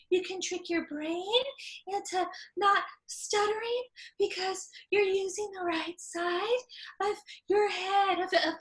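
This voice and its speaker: This is a sultry 1950s film-star woman, as a woman puts her on, breathy and soft. Her voice sits up high and sweet, each word drawn out slowly in a cooing way. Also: exaggerated voice, low-quality recording.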